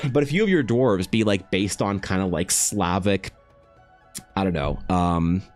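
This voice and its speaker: A man's voice: low-pitched, animated, measured pace, faint music behind. A man streaming his art and chatting casually, rambling with many restarts and filler words and greeting viewers directly. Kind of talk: casual live-stream monologue.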